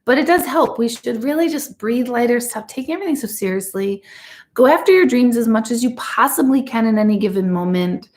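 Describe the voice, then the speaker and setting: A woman's voice: a little high, animated, a little fast, a little mellow. A woman in her forties, an intuitive reader, chatting candidly with her live audience and swearing freely. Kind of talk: casual livestream chat.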